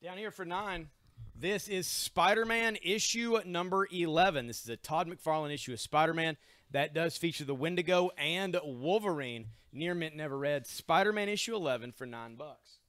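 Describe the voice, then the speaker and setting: A man's voice: fairly high pitch, moderate pace, fairly bright tone, no echo. A man hosting a live-stream sale from a comic book store, chatty and joking as he reels off issues and prices. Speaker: comic shop host running a live sale. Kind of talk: live-stream sales pitch.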